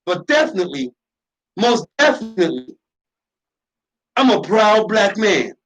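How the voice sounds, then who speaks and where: A man's voice: sits high, sing-song, unhurried, a bit bright, low-quality recording. A man hosting a radio talk show, delivering an impassioned, preachy monologue with lots of repetition and emphasis.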